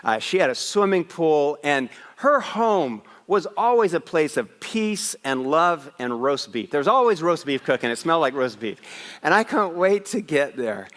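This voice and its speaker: A man preaching a Christmas Eve sermon as a pastor, telling a lively personal story with asides. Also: a little high, normal speed, in a large hall. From West Africa. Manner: animated storyteller, raising his voice for punchlines. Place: church sanctuary.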